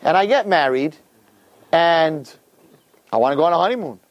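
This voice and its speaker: A man who teaches, telling a personal story to a live audience in an animated, expressive way. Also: moderate pace, dry recording, muffled recording. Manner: animated, expressive storyteller with big pitch swings.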